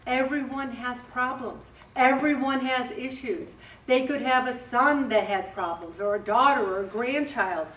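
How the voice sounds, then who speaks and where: An older woman with a slightly high voice gives a chatty, direct talk to a group and acts out bits of dialogue. She is picked up from a distance in a roomy space. A faint hum sits behind her. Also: a little slow, a bit bright. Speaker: group leader speaking to a weight loss group. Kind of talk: casual motivational talk.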